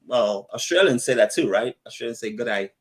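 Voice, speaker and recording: A man's voice: medium pitch, expressive, a little fast, breathy edge. A man co-hosting a casual travel live stream, chatting, laughing often and reading out viewer comments. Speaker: travel vlogger co-host.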